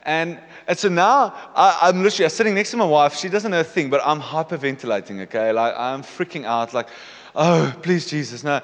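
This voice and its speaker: A man's voice: on the high side, fairly quick, few pauses, a bit bright, in a large hall. A man in his thirties, a pastor giving a confessional personal testimony during a sermon, often checking in with "okay?". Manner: confessional, repeats "okay?" to the congregation. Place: church hall.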